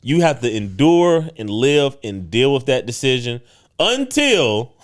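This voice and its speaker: A man's voice: mid-range voice, big pitch swings, a little slow. A man co-hosting a podcast, talking emphatically and often checking in with "right?". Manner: emphatic, preachy, leans on "right?". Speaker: podcast co-host. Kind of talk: casual podcast talk.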